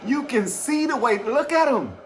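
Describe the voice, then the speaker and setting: A young adult man hosting a casual reaction video, excitable and profane, acting out scenes as he comments. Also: extremely high pitch, normal speed, noisy background. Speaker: reaction channel host.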